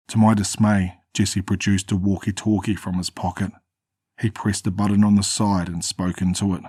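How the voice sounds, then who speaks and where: A man narrating a first-person horror story in a steady, grim way. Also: deep voice, normal speed, husky, no room sound, studio quality.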